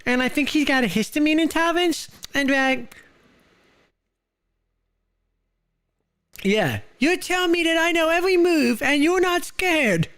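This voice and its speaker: Excitable young dude, squeaky and rambling; a man does the voice. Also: normal speed, full character voice.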